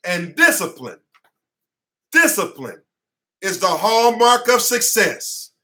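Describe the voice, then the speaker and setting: A man delivers an impassioned class lecture from his office, his voice high and bright with a forceful edge. He preaches more than he explains, hammering his points home through repetition. He is sweating as he speaks. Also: big pitch swings, slow. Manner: fiery, preacher-like, repeats phrases for emphasis. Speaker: attorney and teacher.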